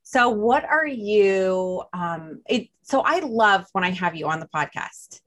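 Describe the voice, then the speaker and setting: A woman's voice: medium pitch, lively intonation, slow, a bit bright. A woman with a New Jersey accent hosting a podcast, chatting casually with plenty of "like" and "you know". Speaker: podcast host. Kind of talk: casual chat.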